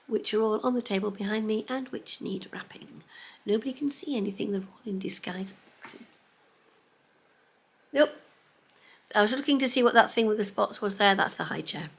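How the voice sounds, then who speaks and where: A middle-aged woman, talking casually to camera at home in a vlog, chatty and excitable and often dropping into a whisper. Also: lowish voice. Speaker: vlogger. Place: home, indoors.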